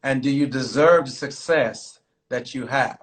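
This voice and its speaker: A man hosting a casual live-streamed talk show, talking loosely with lots of fillers and shout-outs to viewers. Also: mid-range voice, unhurried. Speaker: podcast host.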